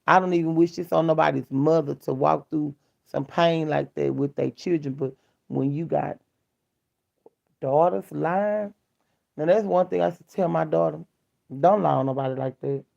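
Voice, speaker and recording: A woman's voice: deep voice, moderate pace, gravelly, darkish tone. A middle-aged woman vlogging in a casual chat, telling stories bluntly and candidly in colloquial speech. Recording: dull lo-fi sound.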